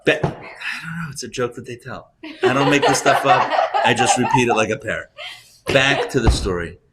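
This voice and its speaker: A man, a rabbi, teaching a live class and telling jokes, talking in a conversational way, asking the audience questions and getting loud and animated when he makes a point. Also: mid-range voice, moderate pace, heavy background noise. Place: classroom or synagogue hall, recorded live.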